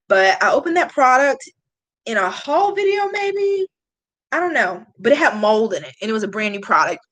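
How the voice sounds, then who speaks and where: Young woman livestreaming, super chatty and candid, jumps way up in pitch greeting viewers. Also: fairly bright tone, poor audio. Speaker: beauty vlogger hosting a livestream. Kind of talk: casual livestream chat reading viewer comments.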